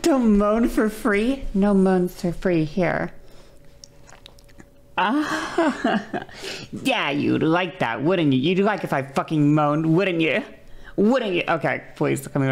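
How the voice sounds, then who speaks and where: A woman's voice: deep voice, expressive, takes it slowly, gravelly. A woman streamer in casual live-stream chat, exasperated and swearing as she vents. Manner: exasperated, swearing, venting loudly.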